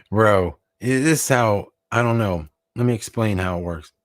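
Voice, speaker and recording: A man with a Texan accent co-hosting a live show in casual chat, rambling and halting with many restarts. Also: lowish voice, no room sound.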